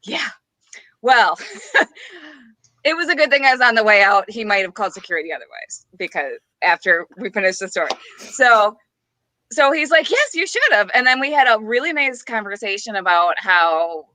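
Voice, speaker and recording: Woman co-host, bright lively anecdote teller, laughs through lines. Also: medium pitch, normal speed, dry recording. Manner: giggly, acts out quotes, many restarts. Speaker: podcast co-host. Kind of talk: casual chat, animated storytelling.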